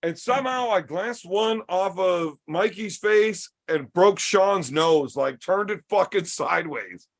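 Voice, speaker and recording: A man hosting a podcast, telling a story in a casual, profane and animated way. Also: high voice, measured pace. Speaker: podcast host.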